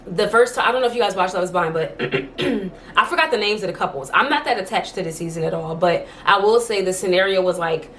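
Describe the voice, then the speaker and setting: A woman's voice: mid-range voice, brisk, fairly bright tone, slight background noise. A young woman vlogging from home, chatting casually to camera and telling stories, full of "like" fillers. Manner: chatty storytelling, many "like" fillers.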